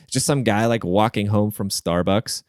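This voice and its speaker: A man's voice: lowish voice, expressive, a little slow, darkish tone, no room sound, clean studio sound. A man hosting his own podcast, rambling through a crude, profane solo rant with jokey asides. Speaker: podcast host.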